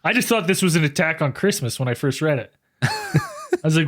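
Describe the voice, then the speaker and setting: A man's voice: fairly high pitch, huge pitch swings, a little fast. A man co-hosting a podcast in casual chat, joking and often laughing. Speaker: podcast co-host.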